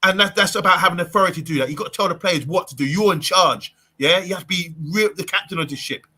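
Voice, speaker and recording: A man's voice: sits high, quick pace, pushed and bright. A man hosting a live fan stream, playfully bossy as he reads out viewer comments. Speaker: host of a live fan show. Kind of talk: casual live-stream chat.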